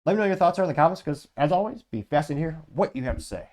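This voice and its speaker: A man hosting his own political commentary show, reading out viewer comments in a rapid, blunt and sarcastic way while running on lots of coffee. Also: on the high side, animated, a little mellow. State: over-caffeinated. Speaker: host.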